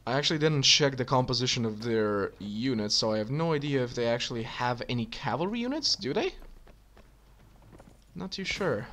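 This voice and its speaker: A man's voice: medium pitch, lively intonation, normal speed, fairly bright tone. A man giving casual gameplay commentary, thinking aloud with many fillers as he plays. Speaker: let's play gamer.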